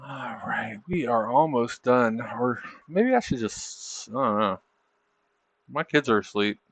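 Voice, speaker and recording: A man's voice: medium pitch, lively intonation, takes it slowly, creaky, no room sound. A man hosting a trading livestream, chatting casually over charts and tossing in tag questions like "isn't it?". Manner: loose, chatty, thinking aloud.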